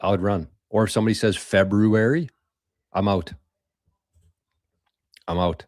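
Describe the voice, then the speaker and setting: A man rambles through a casual live stream, loose and profane as he answers viewers. His voice sits on the low side. The sound is dry and close, with no room around it. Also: fairly even intonation, a little slow, a little mellow, dry recording. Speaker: podcast host.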